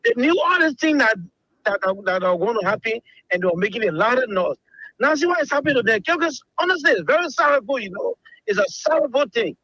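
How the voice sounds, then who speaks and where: A man phones in to a radio show, his voice very high and bright. He stumbles over repeated words, and the sound is dry and close. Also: very animated, dry recording, dull audio. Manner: halting, repeats words, many fillers. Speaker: caller. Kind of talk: phone-in comment.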